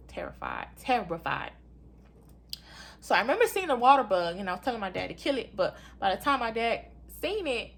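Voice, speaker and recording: A young woman casually telling her own story to her viewers, animated, often calling them y'all and acting out what people said in a high voice.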